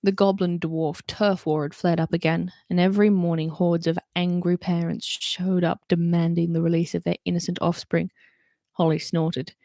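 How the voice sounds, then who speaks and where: A woman's voice: fairly low pitch, level tone, normal speed, vocal fry, warm tone, dry recording, studio quality. A woman reading a novel aloud and doing voices for the characters, with chatty asides between passages. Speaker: reader.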